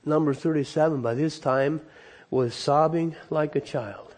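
A man preaching, telling a long story dramatically, swinging between loud emphasis and soft hushed moments. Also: on the high side, a little slow. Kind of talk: sermon storytelling.

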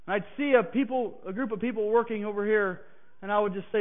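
A man preaching a personal testimony who swings from hushed, halting passages to emphatic declarations. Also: high voice. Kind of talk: sermon testimony. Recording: tinny phone-like sound.

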